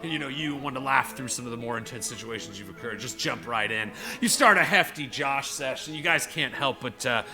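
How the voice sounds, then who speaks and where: A man's voice: mid-range voice, lively intonation, fairly quick, hardly any pauses, over music. A man narrating a tabletop game as game master, rambling with many fillers. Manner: rambling, filler-heavy storytelling.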